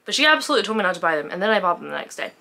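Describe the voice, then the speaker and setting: A woman's voice: lowish voice, sing-song, rapid-fire, gravelly, pushed and bright. A woman book vlogger in casual chat, rambling through her day with self-deprecating asides.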